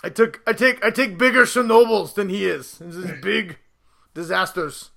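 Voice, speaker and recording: A man's voice: sits high, moderate pace, vocal fry, pushed and bright, pitched below the performer's own voice, exaggerated voice. A man putting on a Russian accent to voice a boastful giant boxer who brags in broken English. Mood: boasting. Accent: Russian, put on. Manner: broken-English bragging, mock-menacing.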